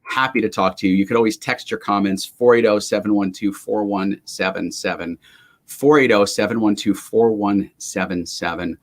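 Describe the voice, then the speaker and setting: Man, low voice, emphatic, ranting, motivational livestream host. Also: fairly even intonation, normal speed. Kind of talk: motivational live stream talk. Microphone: webcam or computer mic on a live stream.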